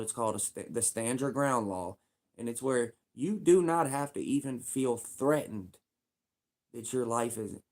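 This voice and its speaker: A man's voice: medium pitch, a little mellow. A young man with a Louisville, Kentucky accent, talking casually on his livestream in a rambling, repetitive way full of street slang.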